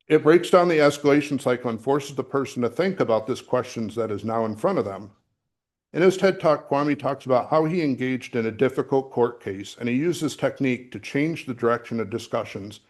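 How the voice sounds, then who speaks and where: A middle-aged man serving as associate minister delivers a sermon woven with a personal story, speaking at a medium pitch. His delivery is conversational, with fillers and restarts, and it was recorded in a church sanctuary.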